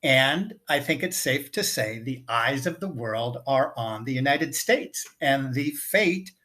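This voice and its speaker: A man hosting a solo commentary video, speaking with slow, drawn-out phrasing and dramatic pauses. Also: mid-range voice, animated, bright, forceful tone. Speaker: host.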